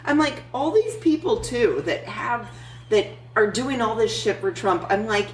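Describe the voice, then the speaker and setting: A woman's voice: fairly high pitch, animated, measured pace, slight background noise. Blunt, profane woman, roomy distant sound. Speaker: podcast co-host. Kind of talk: casual political chat.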